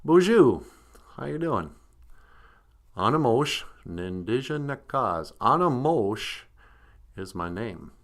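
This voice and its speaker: A man's voice: mid-range voice, big pitch swings, takes it slowly, pauses often, voice pushed down. A man voicing a serious, polite male dog with a Southern US accent, who stammers and defers to the host. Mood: earnest.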